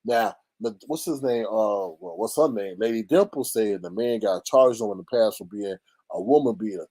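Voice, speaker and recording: A man hosting a casual gossip commentary, animated and mocking, often jumping into high squeals. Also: moderate pace, no room sound. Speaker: YouTube commentary host.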